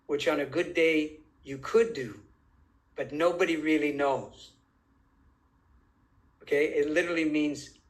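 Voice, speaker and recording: A man's voice: a little high, rough recording. Emphatic man asking rhetorical questions. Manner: deliberate, drawn-out phrasing. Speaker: interview guest, author. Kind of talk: conversational interview.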